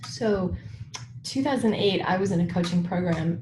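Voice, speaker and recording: A woman coach, a guest expert in an interview, telling her story in an animated way with laughs. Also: lowish voice, a little slow, roomy sound, noisy background. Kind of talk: conversational interview.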